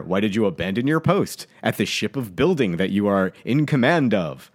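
A man co-hosting a casual podcast, telling an annoyed story with lots of swearing and lively venting. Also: lowish voice, moderate pace, few pauses. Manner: animated, swears, worked up while telling a story. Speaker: podcast co-host.

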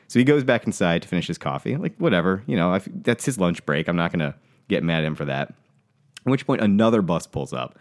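A man casually telling a funny story on a podcast, animated and acting out the people in it. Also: low-pitched, fairly quick. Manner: animated, acts out quoted voices. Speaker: podcast co-host.

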